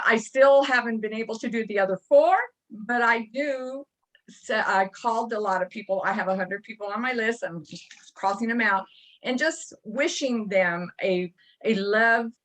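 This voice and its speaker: ためらいがちに話す女性の参加者. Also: female voice, mid-range voice, moderate pace, fairly bright tone. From California. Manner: rambling, hesitant, many ums. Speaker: participant on a coaching call. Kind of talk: casual personal story.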